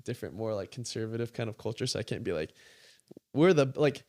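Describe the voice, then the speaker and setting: A man telling a story in a casual interview, animated, full of "like", acting out what people said. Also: lowish voice, fast talker. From California. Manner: animated, fills speech with "like", acts out quoted dialogue. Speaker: guest creator.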